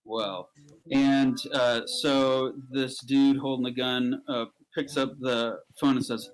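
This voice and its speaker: A man improvising a comic story, jumping into high, squeaky character voices as he narrates. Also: steady tone, measured pace, a little hiss or hum, rough recording.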